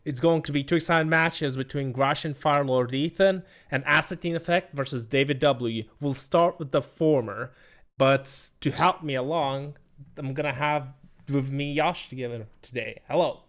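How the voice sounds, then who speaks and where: A man's voice: medium pitch, moderate pace, a bit bright. A man casting an esports tournament, walking through results with small self-deprecating jokes. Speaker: esports caster. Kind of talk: tournament commentary.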